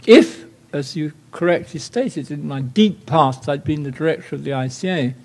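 Older English guest lecturer, dry wit, digressive anecdotes, slightly high pitch. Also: male voice, normal speed, a little mellow. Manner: wry, anecdotal, rambling asides. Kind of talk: lecture with slides.

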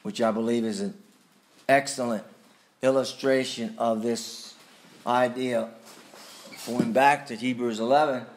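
Slow, emphatic man preaching a sermon. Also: medium pitch, fairly even intonation, slight background noise. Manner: slow and deliberate, with sudden emphatic rises. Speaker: pastor.

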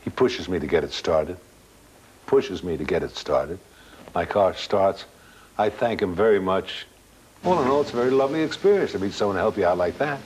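An older man casually telling a personal anecdote as a guest, halting at times and acting out dialogue. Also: low voice, animated, darkish tone, a little hiss or hum, low-quality recording. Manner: plain-spoken, halting, with restarts and quoted dialogue. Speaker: guest storyteller.

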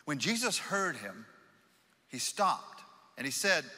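Male preacher, bright tense voice, slightly high, big reverberant hall; swings from shouts to hushed lines. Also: big pitch swings, a little slow. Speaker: pastor. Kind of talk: sermon. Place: church auditorium.

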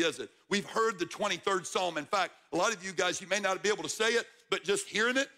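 On a church stage, a guest speaker who is a football coach preaches a sermon in a bright, high voice. His emphasis rises as he speaks, and he addresses the crowd directly.

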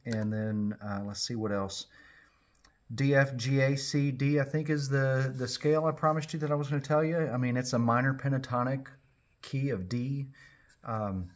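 Middle-aged flute maker guy, folksy, rambles on, kinda out of breath, casual tutorial talk. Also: medium pitch. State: a little out of breath. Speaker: flute maker and channel host.

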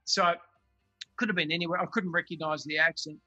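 Bright, quick-talking Australian man. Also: a little high, fairly even intonation, no echo, lo-fi sound, faint music behind. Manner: chatty, quick anecdotes. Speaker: comedy co-host. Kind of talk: casual chat over a video call. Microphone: video call.

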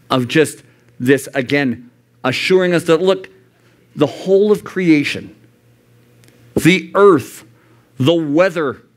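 A man preaching to a youth group, animated and acting out the voices he quotes. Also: mid-range voice. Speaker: youth pastor. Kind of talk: sermon. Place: church youth service.

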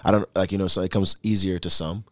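A man's voice: low voice, little pitch movement, fast, fairly bright tone, dry recording, studio quality. A man who is a guest on a podcast, chatting casually and swearing freely as he rambles.

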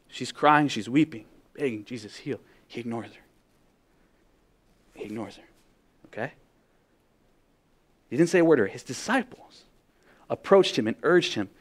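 A man preaching a sermon in church, dramatic, swinging between loud emphasis and near-whispers. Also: fairly high pitch. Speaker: pastor.

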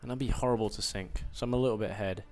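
A man's voice: lowish voice, racing, darkish tone, faint music behind. Rambling young man with a put-on American accent. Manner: rambling, self-mocking, fillers and asides. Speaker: gaming commentator. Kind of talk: live game commentary.

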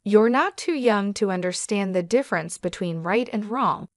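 A woman's voice: mid-range voice, expressive, moderate pace, dry recording, clean studio sound, natural voice. A woman voicing a fierce mother confronting her husband in a read-aloud story, firm and indignant.

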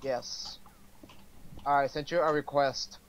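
Male streamer host, slow hesitant casual chat, slightly muffled recording. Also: on the high side, fairly even intonation. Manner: hesitant, with fillers and laughs. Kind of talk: casual gaming chat on a livestream.

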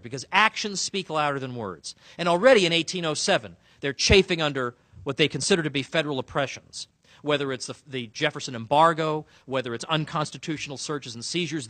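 A man giving a lively, sarcastic public speech to a room of officials, punching key words with emphasis. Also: on the high side, no room sound. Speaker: speaker addressing sheriffs. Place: conference room.

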